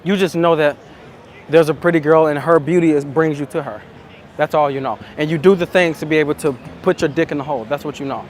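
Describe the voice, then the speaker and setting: A man talking as a dating coach, slow and emphatic, repeating his points in a reflective monologue. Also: a little high, slight background noise.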